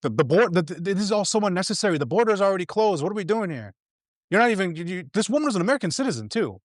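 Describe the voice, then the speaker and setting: A man's voice: sits high, very animated, rapid-fire, no room sound, clean studio sound. A man talking as a guest commentator in a casual, heated political chat, slangy and emphatic, stumbling over restarts.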